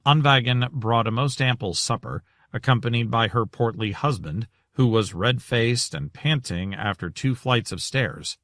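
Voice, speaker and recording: A man narrating an audiobook in a measured, composed way. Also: medium pitch, fairly bright tone, no room sound, clean studio sound. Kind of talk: scripted narration.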